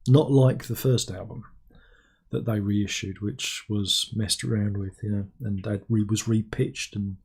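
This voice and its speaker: A man's voice: fairly low pitch, steady tone, measured pace, vocal fry, darkish tone, husky. A man hosting a casual livestream, reading out viewer comments with wry, rambling asides. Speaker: livestream host.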